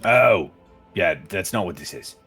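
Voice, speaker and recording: A man's voice: deep voice, lively intonation, sharp tone, breathy edge, soft background music. Bantering male tabletop player. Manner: casual, quick in-character banter. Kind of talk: playing a tabletop game in character.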